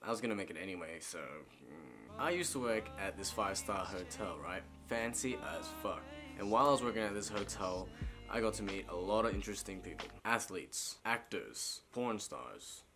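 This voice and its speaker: A man's voice: sits low, expressive, moderate pace. A young man casually telling a story as a vlogger, swearing freely and often adding "right?". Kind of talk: storytime monologue. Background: music.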